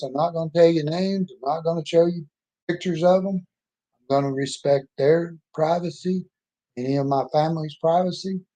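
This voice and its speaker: A man's voice: a little high, warm tone. A man in his sixties telling his life story in a folksy, rambling, plainspoken way. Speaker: storyteller introducing himself. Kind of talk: casual personal storytelling.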